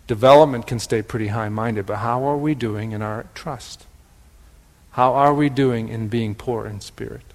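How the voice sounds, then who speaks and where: A man with a Wisconsin accent teaching in a slow, reflective way, turning words over and repeating them as he goes. His pitch sits in an ordinary middle range, and the sound carries a long hall reverb. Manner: gentle, pondering, repeats words for emphasis. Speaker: spiritual teacher.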